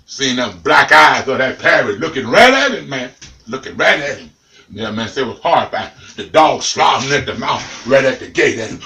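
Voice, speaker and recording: A man telling a comic tale in an animated, dramatic way, talking straight to the listener. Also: mid-range voice, moderate pace, roomy sound, distant mic, a little hiss or hum, poor audio. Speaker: storyteller.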